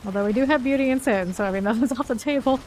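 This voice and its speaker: A woman's voice: on the high side, rapid-fire, a little mellow, slight background noise. A woman casually commenting while streaming a video game, chatting with viewers and laughing often. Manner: chatty, reads chat aloud, laughs often.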